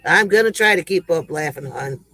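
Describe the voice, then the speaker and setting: A man's voice: fairly high pitch, animated, moderate pace, bright, forceful tone, no room sound, rough recording. A man hosting a casual livestream joke segment, folksy and rambling, chuckling between lines.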